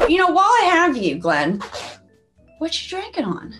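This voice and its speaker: Woman, talk show host, high voice, very lively pitch, bubbly, jokey, unhurried. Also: soft background music. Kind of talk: casual chat show hosting.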